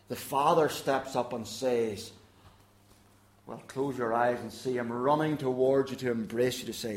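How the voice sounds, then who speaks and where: Guy preaching in a roomy church, earnest, gets quiet and soft for the quotes. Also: medium pitch. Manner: earnest, quoting God's words in a softer voice. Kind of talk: sermon.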